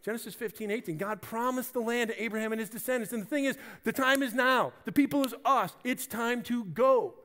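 A man preaching a sermon as senior pastor, animated, acting out biblical figures and dropping to quiet emphasis. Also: very high-pitched, a little fast, few pauses, long reverb tail. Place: church sanctuary.

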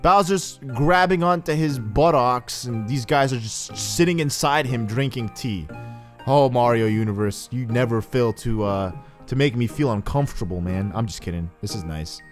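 A man's voice: medium pitch, normal speed, faint music behind. A man rambling through casual, joking gameplay commentary as he hosts a let's play.

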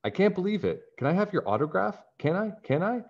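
A man voicing an eager young girl detective who talks in quick, excited bursts. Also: lowish voice. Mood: gushing. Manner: excited, fast pleading. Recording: dull lo-fi recording.

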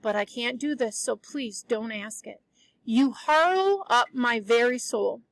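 Solemn storybook girl, firm and dramatic as read by a woman; high voice, dry sound. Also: expressive, a little slow, dry recording, rough recording. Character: stubborn dramatic young girl Anne.

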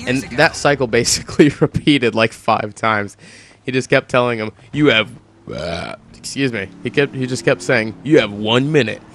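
A man's voice: mid-range voice, normal speed, a bit bright. A teenage boy telling a long, rambling story with many restarts while playing a video game. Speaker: gameplay commentator. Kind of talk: casual storytelling over gameplay.

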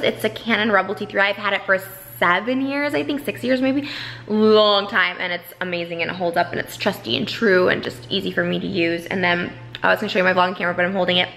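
A young woman with a bright, sharp voice talks straight to her camera at home. She rambles and gushes, leaning on filler words, and her pitch sits in the middle range for a woman. The sound comes through an on-camera mic. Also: fairly quick, creaky, soft background music. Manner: gushing, rambling, says "like" a lot. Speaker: vlogger. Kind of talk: casual vlog chat.

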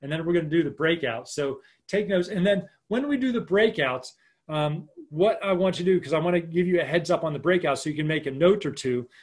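Male workshop coach, raised pitch, chatty and informal, on a video call. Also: lively intonation. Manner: chatty and informal, acts out quick example lines. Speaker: leadership coach leading a workshop. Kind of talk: live online workshop teaching.

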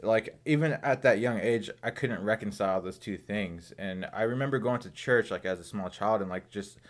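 Low-voiced man musing in casual chat. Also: moderate pace. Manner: thoughtful, rambling with restarts. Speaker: podcast guest.

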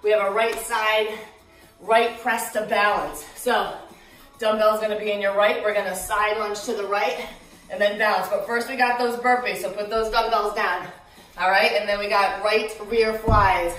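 A woman's voice: medium pitch, takes it slowly, pauses often, recorded from a distance, soft background music. Breathless woman coaching a workout in an echoey room. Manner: energetic cueing with counts and encouragement. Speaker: fitness instructor.

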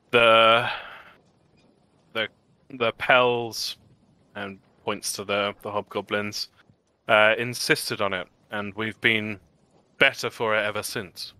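A man voicing a brash young woman who boasts she can outdrink anyone, in a bright voice. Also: on the low side, level tone, slow, long pauses, clear, resonant tone, exaggerated voice. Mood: earnest. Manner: brash, bragging.

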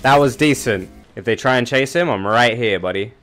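Brief: sweary guy commenting on his own gameplay, groggy and a bit rough-throated, loud outbursts dropping to low mutters, mid-pitched voice. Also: moderate pace, faint music behind. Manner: profane, self-mocking, swings from loud outbursts to low mumbling. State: just woken up, sore throat. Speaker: gamer streamer.

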